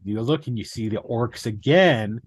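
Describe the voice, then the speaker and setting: Male co-host, mid-pitched, paints scenes with pauses, close sound. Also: no room sound. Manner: builds a scene step by step, dramatic pauses. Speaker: podcast co-host. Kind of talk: casual chat about tabletop games.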